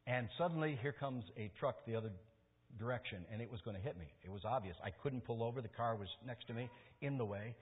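A man's voice: mid-range voice, quick pace, husky. An older male pastor preaching a sermon, earnest and story-driven, rising into emphatic stresses. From Michigan, US. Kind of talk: sermon with personal stories. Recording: tinny sermon recording in a reverberant hall.

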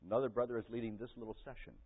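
A man preaching a sermon and telling a personal story with strong emotion, his voice swinging from loud and intense to quiet and soft. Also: mid-range voice, fairly even intonation, rapid-fire, husky. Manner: emotional storytelling, rising to near-shouting. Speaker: pastor. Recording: tinny phone-like audio.

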